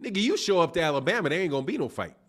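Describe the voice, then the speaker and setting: A man with a notably high voice hosts a boxing livestream. He rants casually, swearing freely and mocking his targets in heavy slang. He breaks into laughter often. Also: big pitch swings, rapid-fire, fairly bright tone. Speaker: boxing channel host.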